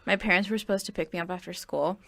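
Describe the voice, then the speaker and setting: Young woman guest, chatty storyteller; creaky, bright, dry recording. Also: lowish voice, steady tone, fast talker, no room sound. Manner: chatty, peppers speech with "like". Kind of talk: casual storytelling.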